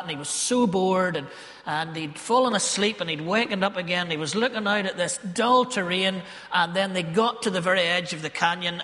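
A man's voice: sits high, bright, forceful tone, big-room sound. A man with a Ballymena, Northern Irish accent preaching a sermon, telling stories and stretching key phrases for emphasis. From Northern Ireland. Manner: storytelling, emphatic, drawn-out phrases.

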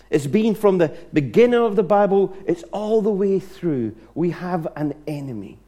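A man preacher delivering a sermon in an animated storytelling manner, with frequent restarts. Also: high-pitched, normal speed, few pauses.

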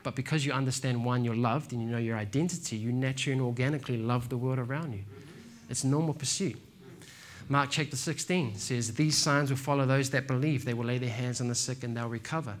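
A man preaching a sermon in a relaxed, slangy way, telling stories and calling listeners "man" and "bro". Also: medium pitch, quick pace. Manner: laid-back, slangy, says "man" and "bro". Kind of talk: casual sermon with storytelling.

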